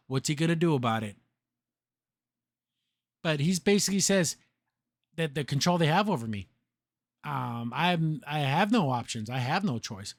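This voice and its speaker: Male podcast host, casual review, exasperated and laughing, slightly high voice. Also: no room sound. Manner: animated, exasperated, laughs often.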